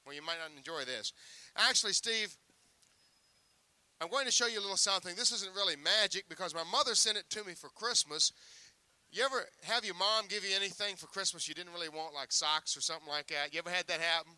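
Working as a sideshow magician, a man teases a young volunteer with joking stage patter and showman banter. His voice sits high and comes out fast, bright and forceful, with no echo.

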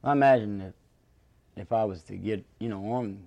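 A man who worked as a circus and carnival barker, talking about his work in an oral history interview and breaking into loud rhyming pitches. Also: normal speed, gravelly. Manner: rhyming showman patter, shouts pitches up high.

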